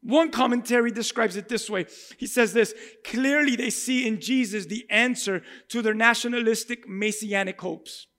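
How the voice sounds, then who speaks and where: A man preaching a sermon with passion, swinging from loud cries to hushed tones and acting out crowd voices. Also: extremely high pitch, normal speed, few pauses. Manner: acts out crowd cries and speaks in Jesus' voice.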